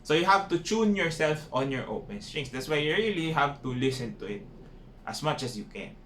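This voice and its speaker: A man's voice: a little high, sing-song, normal speed, a bit bright. A man with a Filipino accent giving a casual violin lesson, often ending points with tag questions. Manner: mixes English and Filipino, frequent tag questions. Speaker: violin teacher. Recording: echoey room with faint noise.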